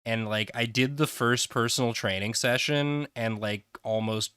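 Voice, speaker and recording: A man's voice: mid-range voice, steady tone, moderate pace, a bit bright, clear, resonant tone, dry recording, studio quality. A young man co-hosting a casual stream chat, rambling and joking, sometimes acting out silly voices in his stories. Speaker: co-host.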